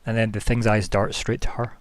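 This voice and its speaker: This is a man running a tabletop session, describing scenes in a low voice. He talks in a loose, rambling way, stacking "like" and "um" as he builds each image. The sound is dry and close. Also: flat delivery, brisk, dry recording. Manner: rambling descriptive narration with many fillers. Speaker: game master. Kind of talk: narrating a tabletop game.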